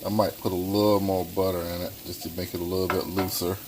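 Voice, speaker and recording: A man with a low voice walks through a home recipe in an easygoing, folksy way. He talks casually from his kitchen stove, and a faint sizzle of frying sits under his voice. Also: flat delivery, fast, slight background noise. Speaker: home cook. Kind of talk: casual cooking tutorial.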